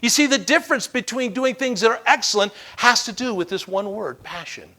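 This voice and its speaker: A man giving a motivational keynote speech, telling stories with dramatic, repeated emphasis that swings from loud to hushed. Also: very high voice, animated, fairly quick. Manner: dramatic storytelling with emphatic repetition. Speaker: keynote speaker.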